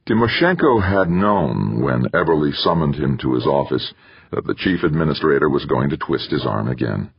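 A man narrating a novel as an audiobook in a measured, steady reading style. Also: sits low, husky, no room sound. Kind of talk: scripted narration. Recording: dry, slightly dull audio.

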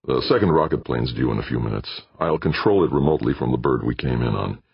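A man voicing a brisk, practical male pilot who speaks matter-of-factly. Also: a bass voice, expressive, gravelly, husky, dry recording, lo-fi sound, full character voice.

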